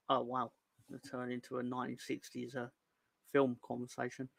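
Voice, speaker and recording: A man's voice: medium pitch, completely flat delivery, moderate pace, creaky, dry recording. A man hosting a football fan show in a casual livestream chat. He reads out viewer comments, jokes and rambles, stumbling over words. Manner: jokey and rambling, stumbles and restarts, puts on silly voices for comments.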